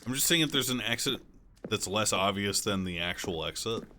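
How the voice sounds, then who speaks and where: A man's voice: lowish voice, lively intonation, moderate pace, background noise. A man live-streaming a game, chatting casually with sarcastic, joking banter.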